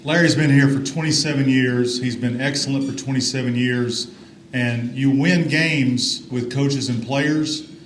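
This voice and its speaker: A man's voice: mid-range voice, fairly even intonation, measured pace, a little hiss or hum. A middle-aged man from Alabama, giving a folksy, upbeat ceremony speech as athletics director. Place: large reverberant banquet hall. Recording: roomy hall with faint ambience.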